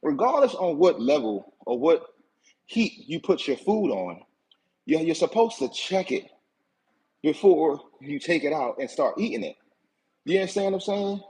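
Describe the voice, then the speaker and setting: A man hosting his own channel tells a casual, aggrieved story full of slang and repetition, constantly asking "you know what I'm saying." His voice sits high with a darkish tone, and the audio is poor.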